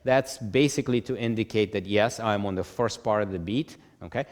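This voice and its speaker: A lower-voiced man teaches music notation in a patient, step-by-step way, counting beats aloud and sounding out rhythms on "ta". He keeps checking in with "okay?" as he goes. His voice carries a long reverb, like a hard-walled room. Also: brisk, few pauses. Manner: chants rhythms on "ta". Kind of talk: whiteboard lesson.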